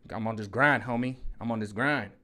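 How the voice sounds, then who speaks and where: A man's voice: lowish voice, a little fast, sharp tone. A man venting in a casual, rambling monologue full of slang and repeated catchphrases, recorded at home on a hot day. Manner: rambling, slangy, repeats "you know what I'm saying". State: sweating in the heat. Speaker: vlogger. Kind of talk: casual political rant.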